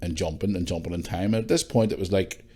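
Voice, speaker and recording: A man's voice: deep voice, quick pace, dark tone. A man from Northern Ireland with a Northern Irish accent, hosting a podcast and rambling through a story with constant swearing. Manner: rambling, swears a lot, frequent restarts. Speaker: podcast host. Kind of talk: casual storytelling monologue.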